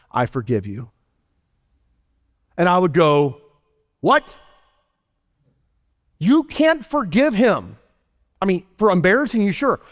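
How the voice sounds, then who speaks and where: A man preaching a sermon as pastor, animated and storytelling. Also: sits high, clear, resonant tone. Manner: animated, storytelling preacher who acts out scenes. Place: church sanctuary. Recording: long hall reverb in a church.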